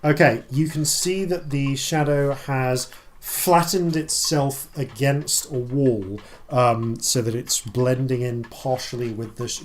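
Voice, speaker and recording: A man runs a tabletop game as dungeon master, talking at an ordinary middle pitch. He works through the rules out loud, stopping and restarting often. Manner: explains rules at length with many ums and restarts.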